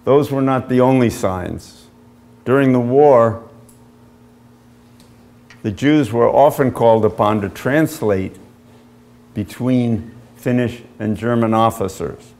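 A man, an author, giving an illustrated history lecture with measured storytelling and frequent pauses as he points to slides. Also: mid-range voice, a little mellow. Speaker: author giving a book talk.

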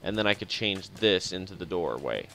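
Animated and speaking at normal speed, this man has a low-pitched, fairly bright voice. He's giving casual live commentary on a strategy game, chuckling and muttering to himself frequently, with faint game music in the background.

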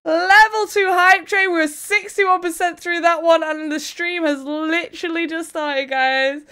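A woman hosting a live stream, talking to her viewers in a loud, excitable way. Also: very high voice. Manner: excitable, loud, fast-shifting energy. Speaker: streamer host.

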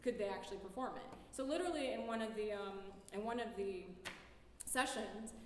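A woman's voice: mid-range voice, a little fast, a little hiss or hum. A woman artist giving a casual public talk in a lecture hall, loose and chatty, peppering her speech with "like" and laughing easily.

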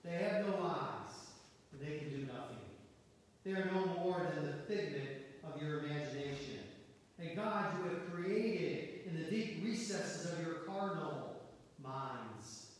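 A man's voice: fairly high pitch, animated, unhurried, slight background noise. A man preaching a sermon as pastor, earnestly quoting scripture in a church auditorium. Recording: echoey hall, mic far off.

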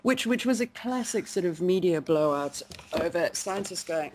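A woman co-hosting a casual science podcast, chatty and quick to laugh, with frequent ums and restarts. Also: lowish voice, lively intonation, background noise. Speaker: podcast co-host.

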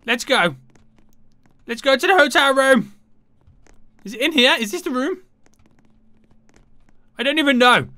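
A man chats excitedly through a video game, talking straight to his viewers. His voice leaps around with a lively, animated swing and has a bright, forceful edge. The sound is dry and close, with no room around it. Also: very high voice, measured pace, long pauses, no echo. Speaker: gaming YouTuber. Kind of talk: gameplay commentary.

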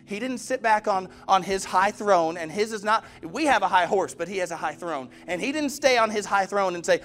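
A man's voice: high-pitched, expressive, moderate pace, few pauses, a bit bright, soft background music. A male pastor preaching a sermon in a direct manner, putting questions to the congregation and acting out the people in his stories. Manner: storytelling, acts out quoted voices. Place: church.

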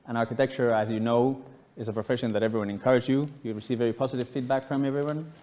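A man of around forty from Spain with a Spanish accent, giving a university lecture in an unhurried, halting, conversational way with frequent pauses. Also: mid-range voice, steady tone, warm tone. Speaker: guest lecturer, architect. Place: lecture hall.

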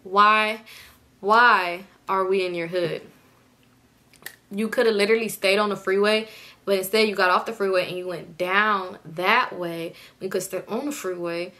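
A woman's voice: medium pitch, steady tone, unhurried, bright, forceful tone. A young woman telling a casual storytime, exasperated and profane as she animatedly retells what happened. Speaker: storytime YouTuber.

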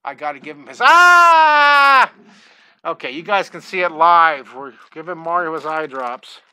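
An older man, a drawing teacher, greeting viewers by name in a live online lesson, excitable and scattered, talking into a headset mic at home. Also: a little high, unhurried, clear, resonant tone. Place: home studio.

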